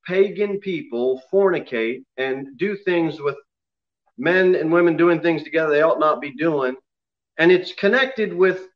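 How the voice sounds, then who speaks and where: A man's voice: on the high side, normal speed, highs cut off. A man preaching a sermon to his congregation in an emphatic way, often asking them questions. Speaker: pastor.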